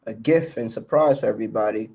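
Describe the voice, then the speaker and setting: A man's voice: on the low side, fast talker, dark tone, husky. A young man, co-hosting a podcast and telling a rambling, casual story full of fillers. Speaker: podcast co-host.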